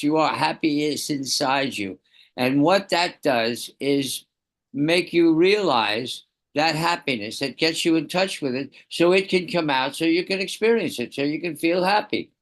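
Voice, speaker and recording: A man in a casual group discussion on a video call, speaking in a halting, reflective way with many restarts. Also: fairly high pitch, a bit bright. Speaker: participant sharing experience with children.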